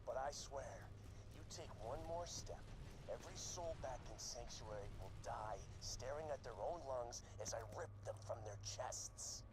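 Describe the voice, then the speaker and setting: A man voicing a cold male villain in a video game cutscene, speaking with a low, threatening delivery. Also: expressive, moderate pace, a little mellow, lightly acted. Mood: menacing. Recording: game audio with background noise.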